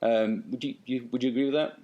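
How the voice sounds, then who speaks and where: A man's voice: medium pitch, steady tone, fast talker, lo-fi sound, crowd noise. A man hosting a radio interview, chatty and opinionated, often restarting his sentences. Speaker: radio host.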